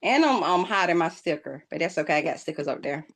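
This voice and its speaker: A woman's voice: lowish voice, expressive, quick pace, fairly bright tone. A woman hosting a craft video, talking casually and playfully to her viewers, teasing them with mock drama. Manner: colloquial, addresses viewers as y'all. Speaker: craft channel host. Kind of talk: casual vlog talk.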